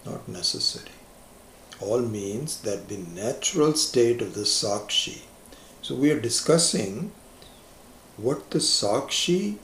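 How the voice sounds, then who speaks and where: A man giving a slow, reflective spiritual lecture as a teacher, stressing key words with rising emphasis. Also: medium pitch, a bit bright, slight background noise. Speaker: Vedanta teacher. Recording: echoey lecture room.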